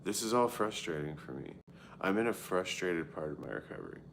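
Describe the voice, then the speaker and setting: A man's voice: low voice, lively intonation, fairly quick, vocal fry, slight background noise. A man in his thirties chatting candidly on a livestream, cursing freely, rambling with lots of "like" and answering viewers as he goes. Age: 30s. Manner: frequent filler "like" and self-interrupting. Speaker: live streamer. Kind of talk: casual chat answering viewers.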